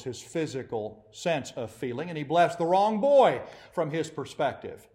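Animated male preacher delivering a sermon. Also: a little high. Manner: animated, acts out quoted voices. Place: church assembly.

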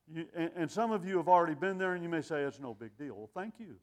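Older guy preaching, fairly high voice, keeps cracking jokes at his own expense. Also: fast talker. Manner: self-deprecating humor, laughs at himself; lively, animated delivery. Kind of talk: sermon.

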